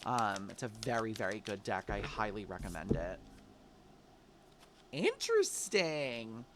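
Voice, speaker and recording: A man's voice: fairly low pitch, huge pitch swings, measured pace, very noisy. A man giving a casual, upbeat tarot reading, encouraging the listener and calling them babe. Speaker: tarot reader.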